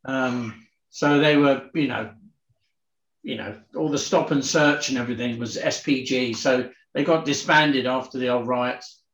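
A man's voice: medium pitch, a little slow, fairly bright tone. A man co-hosting a podcast in casual chat, mostly agreeing and laughing, sometimes explaining. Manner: brief backchannel and laughter, then explains. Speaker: podcast co-host. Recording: echoey, dull mic.

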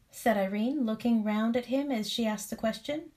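A woman's voice: fairly high pitch, normal speed, few pauses. Soothing woman reading a storybook. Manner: soothing and expressive, voicing each character. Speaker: storybook reader. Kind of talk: calm read-aloud storytelling with relaxation cues.

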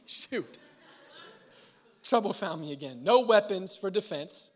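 A man preaching a sermon as pastor, mixing scripture with joking asides and laughter, swinging between loud emphasis and quiet, slow lines. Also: sits high. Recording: long hall reverb.

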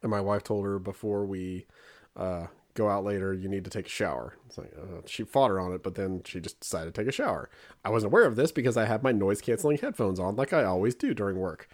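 A man's voice: fairly low pitch, quick pace. A man in his thirties co-hosting a podcast, telling funny stories in casual chat and acting out quotes. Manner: animated storytelling with put-on quotes. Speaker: podcast co-host.

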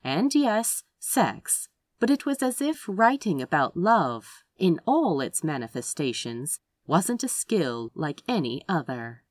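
A woman narrating a story aloud with an expressive reading. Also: low-pitched, takes it slowly, no room sound. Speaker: audiobook reader.

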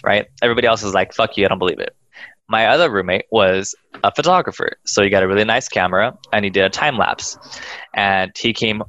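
Animated low-voiced man telling a ghost story. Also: no echo, dull audio. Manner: animated, swears freely, acts out quoted voices. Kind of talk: casual storytelling on a podcast.

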